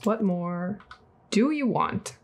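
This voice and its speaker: A woman giving let's play commentary on a game, reacting out loud, swearing and laughing often, and yelping when startled. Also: medium pitch, lively intonation, takes it slowly, a little hiss or hum. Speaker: gaming video creator.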